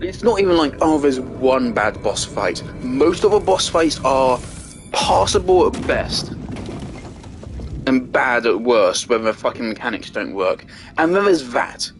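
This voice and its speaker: A man's voice: mid-range voice, animated, a little slow, music in the background. A young man giving angry gameplay commentary, ranting and swearing heavily. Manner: furious ranting, heavy swearing. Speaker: gaming video creator.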